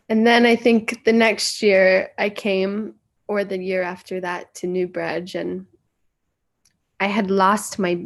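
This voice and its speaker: A woman's voice: mid-range voice, vocal fry. An American woman from the United States, earnestly telling personal stories as a guest speaker and acting out the voices she quotes. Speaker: guest speaker sharing memories. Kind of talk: personal storytelling.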